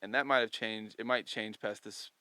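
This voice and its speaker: Bright-voiced young man telling stories. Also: lowish voice, normal speed, clean tone, no echo, poor audio. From Missouri. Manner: animated storyteller, swears freely. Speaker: podcast guest. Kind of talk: casual chat.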